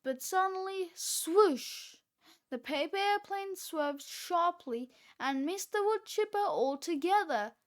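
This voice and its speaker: A woman reading a children's book aloud, with expressive, deliberate narration. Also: very high voice. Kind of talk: read-aloud storybook narration.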